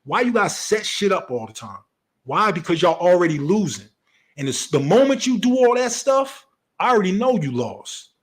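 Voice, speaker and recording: Male commentator, heated and profane, high husky voice, very lively delivery. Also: normal speed. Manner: profane, rhetorical questions, animated.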